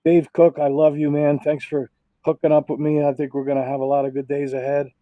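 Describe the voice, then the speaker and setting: A man, a race car driver, giving rambling, heartfelt thanks and shout-outs with lots of fillers on a racing broadcast. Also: a little high, completely flat delivery, brisk, no echo, phone-quality sound.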